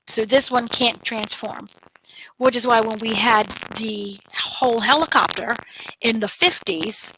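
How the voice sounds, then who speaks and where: A woman co-hosting a casual spoiler recap, retelling scenes in an animated way with playful voices. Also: on the high side, measured pace, a little hiss or hum, rough recording. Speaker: entertainment editor, co-host.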